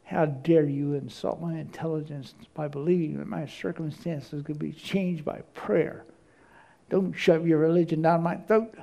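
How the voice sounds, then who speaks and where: A man's voice: a little high, fairly even intonation, a little slow, creaky, dark tone. An indignant, scolding atheist woman, as a male preacher quotes her.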